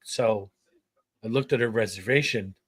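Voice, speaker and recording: A man's voice: on the low side, normal speed, heavy background noise. A man co-hosting a podcast, telling a work story in casual chat and acting out the people in it. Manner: animated storyteller, acts out quoted voices. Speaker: podcast co-host.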